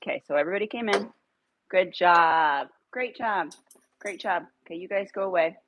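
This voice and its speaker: A woman who trains dogs, talking casually on a live stream from her home, rambling between points and calling her dogs in a high coaxing voice. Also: moderate pace, fairly bright tone, slight background noise, rough recording. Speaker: dog trainer. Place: home room with a computer.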